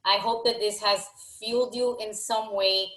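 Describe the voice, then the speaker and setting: A woman's voice: medium pitch, fairly even intonation, measured pace, fairly bright tone, echoey room, rough recording. A woman leading a motivational team call, emphatic and encouraging, often repeating her phrases. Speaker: team leader.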